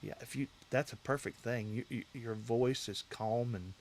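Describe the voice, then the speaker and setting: Man, livestream host, casual chat, rambling, speaks directly to viewers, average pitch. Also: normal speed.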